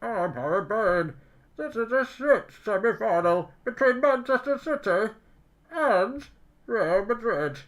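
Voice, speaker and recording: A scornful masked villain, as a man puts him on, dragging out each word slowly. He sounds grumpy and contemptuous, with a bright, pushed tone. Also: sits high, lively intonation, voice pushed up, full character voice, low-quality recording. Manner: slow, scornful muttering.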